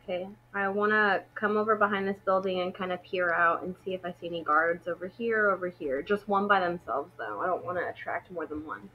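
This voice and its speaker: A woman's voice: on the low side, fairly quick, few pauses, faint music behind. A woman playing a tabletop game, talking casually and chattily with many fillers. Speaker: player. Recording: dull lo-fi recording.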